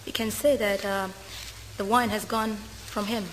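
A woman's voice: mid-range voice, steady tone, measured pace, a little hiss or hum. Hesitant woman interpreting a sermon. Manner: hesitant, many uh fillers and self-corrections. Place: church hall. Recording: reverberant hall, faint ambience.

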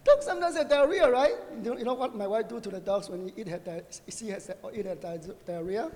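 A middle-aged man preaching a conversational sermon, animated and joking, often asking his listeners "right?". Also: high-pitched, fast, hardly any pauses. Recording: long reverb of a hall.

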